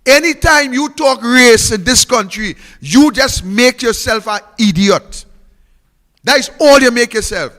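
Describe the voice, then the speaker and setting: Trinidadian guy ranting at a crowd, really high bright voice, echoey hall. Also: measured pace. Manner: fiery and mocking, repeating phrases for emphasis. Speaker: politician. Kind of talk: political speech.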